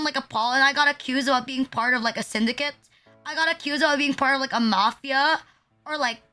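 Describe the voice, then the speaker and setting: Young woman from the philippines streaming, high bright voice, rambly and sweary, soft music behind. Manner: rambling, swears a lot, lots of "like". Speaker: VTuber streamer. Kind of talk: casual livestream chat. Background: faint music.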